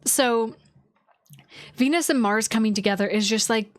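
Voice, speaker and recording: A woman's voice: a little high, moderate pace, no echo. A woman astrologer chatting casually on a livestream from home, loose and filler-heavy, with casual swearing.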